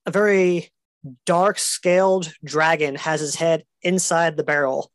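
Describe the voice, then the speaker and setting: Woman game master, low-pitched, easygoing narration with fillers. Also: unhurried, no room sound. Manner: relaxed, hesitant with fillers.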